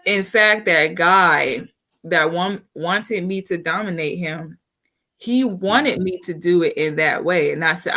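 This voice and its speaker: A woman's voice: on the low side, takes it slowly, sharp tone. A woman talking frankly in a casual, chatty way, often checking in with the listener. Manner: frank and chatty, often says "you know what I'm saying". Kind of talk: candid casual chat.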